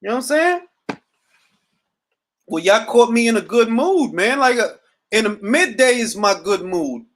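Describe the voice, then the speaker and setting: A man's voice: very high voice, unhurried, pauses often. A middle-aged man hosting a boxing talk show, ranting profanely and casually on a livestream from home. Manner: profane, animated, riffing. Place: at home, seated.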